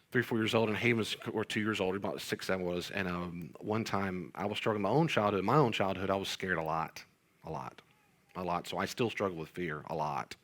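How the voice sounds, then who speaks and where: A middle-aged male pastor with a lowish, slightly bright voice chats casually on a parenting podcast. He's a rambling storyteller who tells stories and makes self-deprecating jokes.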